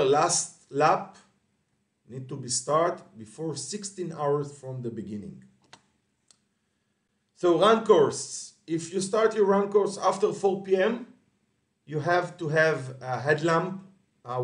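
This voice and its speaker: A man's voice: fairly high pitch, expressive, slow, far from the mic. Man giving a hesitant race briefing in an echoey room. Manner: hesitant, many fillers and self-corrections.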